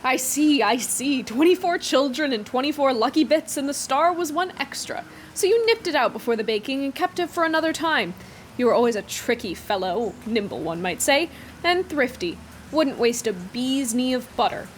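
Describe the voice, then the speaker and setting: A woman's voice: sits high, sing-song, moderate pace, slight background noise. Vain old cook, self-satisfied and mocking; a woman reading the story aloud does him in a lifted voice. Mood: smug gloating. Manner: sneering, chuckling, self-satisfied.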